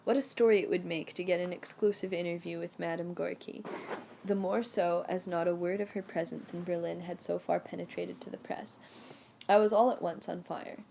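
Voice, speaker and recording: A woman reading a memoir audiobook aloud in a lively, storytelling manner. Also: fairly low pitch, normal speed, creaky, a little hiss or hum. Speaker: audiobook narrator. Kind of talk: scripted first-person narration.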